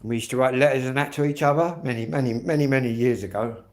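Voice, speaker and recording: Speaking fast at a medium pitch, this middle-aged man from Kent, England hosts a livestream. He chats and rambles to his viewers in a casual way, leaning heavily on fillers.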